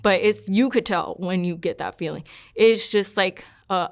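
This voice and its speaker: A young woman in an interview, earnestly recounting a personal story in a rambling, soft-spoken way with lots of "like". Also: lowish voice, normal speed, creaky. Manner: rambling and earnest, leans heavily on "like". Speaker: interview subject.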